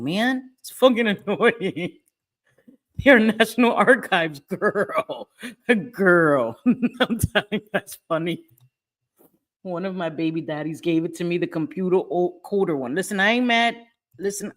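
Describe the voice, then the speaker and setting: A middle-aged woman hosting a casual live stream from home, talking bluntly with lots of swearing and frequent laughter. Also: medium pitch. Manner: blunt, profane and laughing often. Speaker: livestream host.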